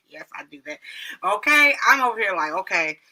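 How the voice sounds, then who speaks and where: A woman's voice: fairly low pitch, bright, forceful tone. A middle-aged woman hosting a casual livestream chat, laughing often and reading out viewer comments. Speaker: livestream host.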